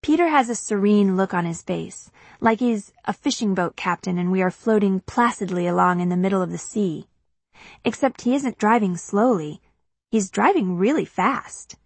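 A woman narrating a first-person audiobook in a conversational, lightly expressive way. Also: mid-range voice, normal speed, husky, dry recording.

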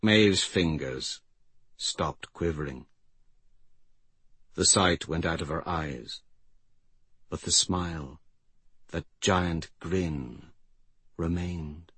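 A man narrating a fantasy story in a measured, grave manner. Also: low voice, a bit bright, slightly rough, no echo. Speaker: audiobook narrator.

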